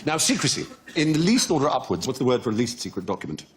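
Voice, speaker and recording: A man's voice: medium pitch, very animated, fast talker. A man hosting a comedy quiz show in a wry, theatrical way, on a noisy studio recording.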